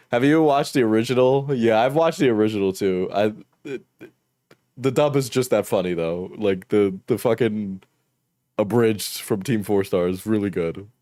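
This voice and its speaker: A young man chatting casually on a stream while he reacts to clips, loose and profane and quick to laugh. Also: fairly low pitch, darkish tone, dry recording, studio quality.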